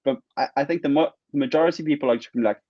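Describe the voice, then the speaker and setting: Man, guest artist, animated, rambling, casual interview chat, muffled dry sound. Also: on the high side, racing, no echo.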